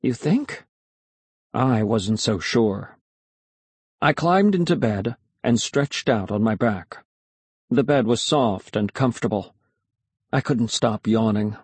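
A man's voice: on the low side, slow pace, darkish tone, slightly rough, dry recording. A man reading a children's story aloud in the first person, expressively. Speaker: audiobook narrator.

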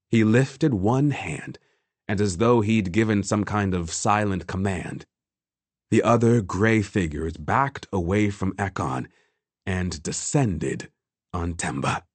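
A man reading a fantasy novel aloud as scripted narration, measured and grave. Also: deep voice, dry recording. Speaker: audiobook narrator.

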